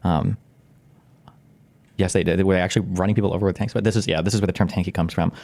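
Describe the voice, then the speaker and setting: A man talks fast and low, reacting on a live stream. His commentary is profane and sarcastic, full of quick asides. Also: fairly even intonation, vocal fry, a little mellow.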